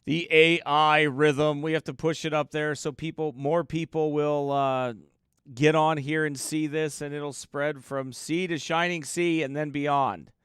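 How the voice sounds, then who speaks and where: Joking chatty pastor, smooth voice. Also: male voice, a little high, little pitch movement, measured pace, no room sound, studio quality. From United States. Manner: chatty, joking, reads viewer names aloud. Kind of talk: casual livestream chat before a sermon.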